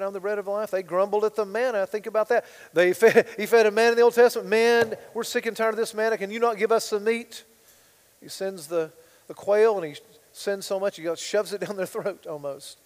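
A man preaching a sermon as pastor, swinging between loud emphatic bursts and quiet asides. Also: sits high, big-room sound, poor audio.

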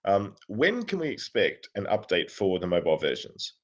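Low husky guy co-hosting, reads out questions, easygoing. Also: wildly swooping pitch, moderate pace. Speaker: podcast co-host. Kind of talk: reading listener questions.

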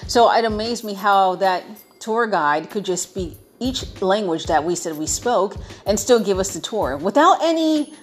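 Young american woman vlogging, chatty and playful, keeps repeating words for emphasis, soft music under it. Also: mid-range voice, lively intonation, a little slow. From United States. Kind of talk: casual chat to viewers.

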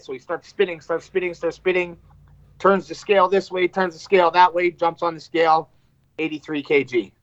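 Guy fighter telling his fight story, cussing, slightly high voice, dull dry podcast audio. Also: normal speed, no echo. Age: adult with wife and two kids. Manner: animated, profane, acts out quotes. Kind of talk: casual storytelling.

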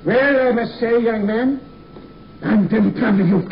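An older actor playing an elderly, fatherly male time traveller in a 1960s television drama, with a warm, grandfatherly theatrical delivery, heard on a dull, lo-fi archive recording. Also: high-pitched, measured pace. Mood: fatherly farewell. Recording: dull lo-fi archive TV audio with faint hiss.

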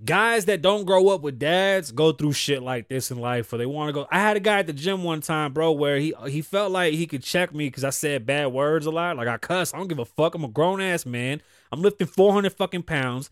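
A middle-aged man hosting a podcast, ranting bluntly with constant cursing, swinging from loud outbursts to low mutters. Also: animated, moderate pace, few pauses, no echo, clean studio sound. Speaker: podcast host. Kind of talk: profane opinion rant.

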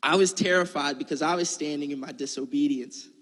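A man's voice: a little high, fairly quick, fairly bright tone, in a large hall. A man giving a conversational sermon, telling a personal story in a casual, earnest way. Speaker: preacher.

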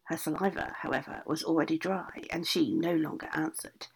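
A woman reading a fairy tale aloud, lively, adding casual asides as she goes. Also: deep voice, fairly quick, creaky, slightly rough. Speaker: storyteller.

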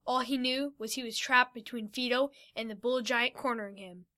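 A woman's voice: on the high side, steady tone, normal speed, bright, forceful tone. A woman reading a fantasy adventure story aloud, giving the characters light voices.

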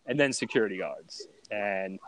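A man telling loud, profane stories in a casual podcast chat. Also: fairly low pitch, moderate pace. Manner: loud, profane, animated storyteller. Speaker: guest storyteller.

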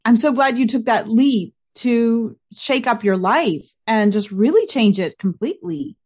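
A woman's voice: fairly high pitch, a little slow, a little mellow, slightly rough. A middle-aged woman, a professional dancer, hosting a podcast with an upbeat manner and a sprinkle of Italian greetings. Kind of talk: scripted podcast intro and casual interview.

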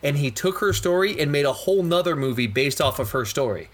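An excitable young man chatting as podcast co-host. He rambles and piles up asides, calling his co-host "dude" along the way. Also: a little high, a little fast. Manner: enthusiastic, rambling, says "dude" often. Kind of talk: casual chat.

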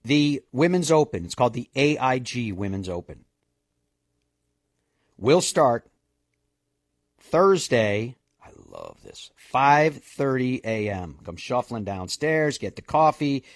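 A chatty, jokey male golf radio host who rattles off the week's broadcast times in a casual, easygoing way. His voice sits at an ordinary middle pitch. It sounds dry and close, with no room echo. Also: expressive, slow pace, pauses often.

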